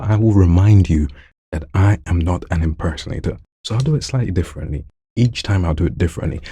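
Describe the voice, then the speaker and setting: A man with a very deep, gravelly voice full of vocal fry, chatting casually and jokingly in a vlog while showing off voices at home late at night. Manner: relaxed, chatty, jokey asides. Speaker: hobby voice actor.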